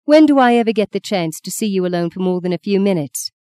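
A woman's voice: mid-range voice, expressive, fast talker, no room sound, natural voice. A woman voicing a fed-up young wife. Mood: defiant. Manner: sharp, resentful, insistent.

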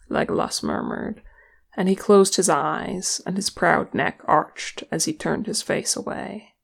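A woman reading a fan fiction audiobook, narrating in a slow, even storytelling manner. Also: fairly low pitch, vocal fry, husky. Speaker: audiobook reader.

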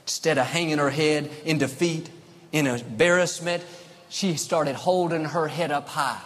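A man preaching a sermon as pastor, emphatic, with dramatic pauses. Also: on the high side, fairly bright tone. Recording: long reverb of a large hall.

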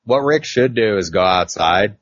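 Deep-voiced man rambling through a recap. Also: lively intonation, moderate pace, dry recording. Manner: rambling, filler-heavy storytelling. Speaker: podcast co-host. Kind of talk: casual comic book recap. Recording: dull, lo-fi mic.

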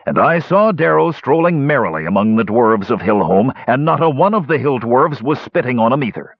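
A man's voice: medium pitch, big pitch swings, brisk, dry recording, voice pushed up. A man voicing a friendly, gossipy male dwarf traveler, in a raised and eager voice. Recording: dull, dry close recording.

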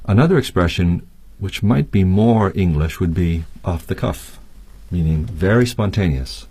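A man acting as guest English teacher, reading examples aloud slowly and carefully. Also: low voice, animated, dark tone, breathy edge. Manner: slow, careful demonstration of words.

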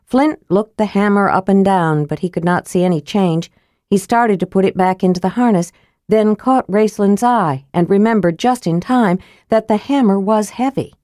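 A woman narrating an audiobook in an even storytelling manner, close to the mic. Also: medium pitch, moderate pace, no room sound. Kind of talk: scripted narration.

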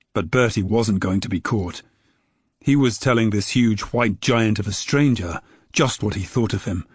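Husky male storybook narrator. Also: medium pitch, no echo. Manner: gentle, measured reading aloud. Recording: dry close recording.

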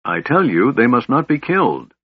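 A man's voice: mid-range voice, very animated, moderate pace, slightly rough, dry recording, voice pushed up. A man voicing a stern masked dragon warlord. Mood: stern commanding. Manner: stern, cold, imperious. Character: cold commanding masked human warlord on a dragon. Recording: dull lo-fi audiobook recording.

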